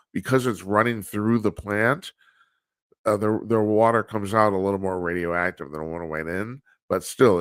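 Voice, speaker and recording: Blunt low-voiced talk show host. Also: male voice, fairly bright tone, no room sound, clean studio sound. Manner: rambling, blunt and profane, with frequent restarts. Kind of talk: casual political commentary monologue. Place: studio, live broadcast with video calls.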